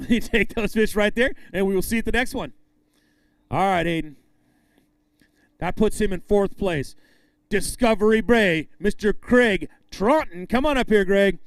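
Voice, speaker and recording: High, smooth-voiced weigh-in announcer man. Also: no room sound. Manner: upbeat, calls names and weights with drawn-out emphasis. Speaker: weigh-in emcee. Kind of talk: live tournament weigh-in announcing.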